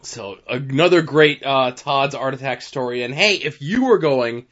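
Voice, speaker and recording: Bright-voiced podcast host man. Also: medium pitch, expressive, a little slow, lo-fi sound. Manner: upbeat, plugs and segues. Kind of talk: casual chat, show segments.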